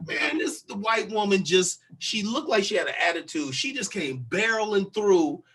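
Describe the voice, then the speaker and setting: A young man with a high, bright and husky voice tells stories on a casual podcast. He gets animated and acts out the people he quotes, loud and lively. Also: moderate pace. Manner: animated storyteller who acts out quotes loudly. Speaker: podcast co-host. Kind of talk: casual chat, storytelling.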